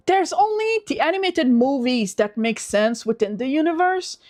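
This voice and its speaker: A young woman with a high voice rants casually to her livestream audience, swearing and restarting her sentences as she goes. Faint music plays quietly under her voice. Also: expressive, normal speed. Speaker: livestream host.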